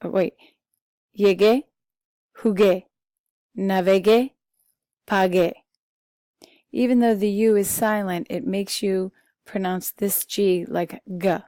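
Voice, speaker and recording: A woman leads a recorded Spanish lesson, reading word lists slowly and patiently. Her voice is mellow and unhurried. The recording is dry, with little room sound. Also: medium pitch, fairly even intonation, dry recording. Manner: slow, patient, talks through vocabulary lists with fillers. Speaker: Spanish teacher.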